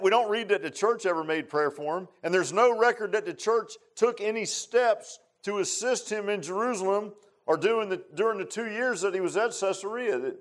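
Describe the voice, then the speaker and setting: Man, middle-aged, preacher, slightly high-pitched, homespun, repetitive, casual sermon. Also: fairly bright tone. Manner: folksy, rambling, repeats phrases and says "man" often. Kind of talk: informal evening sermon.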